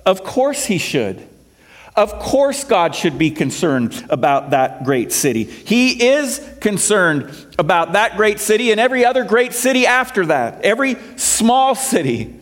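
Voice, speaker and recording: A male pastor preaching a sermon, quoting scripture and asking the congregation questions as his emphasis rises and falls. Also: mid-range voice.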